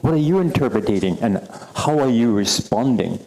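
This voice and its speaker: A man with a Bahamian accent presenting a workshop to a live audience, animated and teasing, repeating phrases for emphasis. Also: mid-range voice, normal speed, low-quality recording. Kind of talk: interactive workshop talk. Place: meeting room with live audience.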